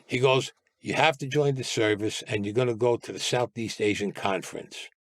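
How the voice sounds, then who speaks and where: The recording is clean studio sound with no echo, as an older man with a New York Italian-American accent shares his life story as a guest. At a medium pitch and normal speed, he speaks bluntly, curses, and performs the voices of the people he quotes.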